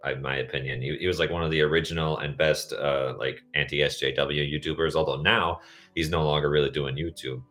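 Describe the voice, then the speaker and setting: Deep-voiced rambling young man. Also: a little fast, faint music behind. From United States. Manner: rambling, tangential, deadpan jokes. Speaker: podcast host. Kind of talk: casual podcast chat.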